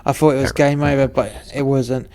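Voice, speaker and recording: A man tells a rowdy story in a deadpan, profane manner. His delivery stays flat, with little rise or fall in pitch. His pitch sits in an ordinary middle range. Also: fairly quick. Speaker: narrator. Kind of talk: storytelling narration.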